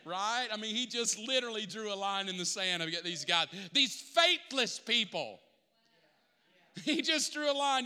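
Male pastor, animated sermon, high and bright, long church reverb. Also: measured pace, clean tone. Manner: animated, acts out Bible characters.

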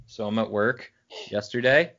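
A man's voice: on the low side, normal speed, a bit bright. A man co-hosting a podcast in casual chat, joking and telling rambling stories, on muffled lo-fi audio. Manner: rambling storyteller, jokey. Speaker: podcast co-host.

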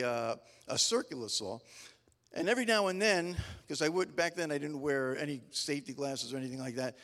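A man's voice: on the high side, gravelly, fairly bright tone. A middle-aged man preaching a casual sermon, telling folksy, humorous stories in a rambling, stop-start way full of restarts. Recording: long reverb of a large hall.

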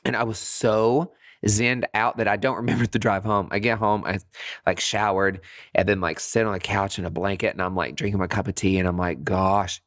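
A man hosting a podcast on his own, telling a story casually and with animation, swearing freely and jumping up in pitch to make a point. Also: normal speed, dry recording, studio quality. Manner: animated, chatty, swears freely, jumps high in pitch for emphasis. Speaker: podcast host.

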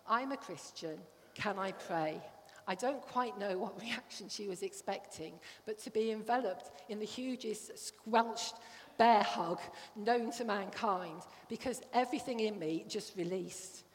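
A woman's voice: medium pitch, unhurried. Middle-aged woman, sermon delivery, earnest and personal, recorded in a reverberant church hall. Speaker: church speaker.

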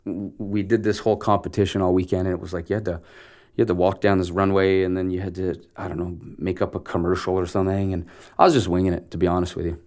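A man in his forties from Canada, a guest telling an animated story of his start as an actor and acting out the dialogue as he goes. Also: sits low, fast talker. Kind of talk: casual storytelling interview.

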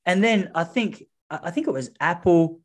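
A man's voice: high-pitched, moderate pace. An Australian man in his thirties, chatting casually as a podcast co-host and acting out the people in his stories. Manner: animated storyteller, acts out quoted voices. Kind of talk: casual chat.

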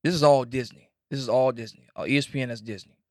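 A man co-hosting a sports podcast, teasing and animated in casual chat. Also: medium pitch, fast, no echo, studio quality. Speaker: podcast co-host.

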